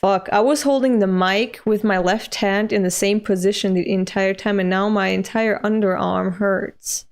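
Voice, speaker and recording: A woman's voice: mid-range voice, steady tone, normal speed, few pauses. A young woman from Europe, reading a comic aloud and reacting with laughs, gasps and swearing. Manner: swears freely, laughs, gasps and exclaims at the story. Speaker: manga reader reacting on camera.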